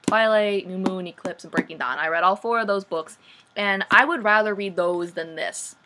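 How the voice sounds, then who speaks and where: A young woman recapping a book in a casual vlog, sarcastic and animated, saying "like" a lot. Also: mid-range voice, moderate pace, background noise. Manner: sarcastic, says "like" often, animated. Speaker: vlogger.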